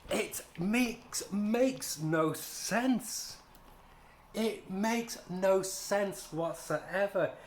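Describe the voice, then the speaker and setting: Guy ranting sarcastically about a comic, kinda high voice, echoey room. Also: extremely slow, a little hiss or hum. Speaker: comic book reviewer. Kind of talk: casual spoken review.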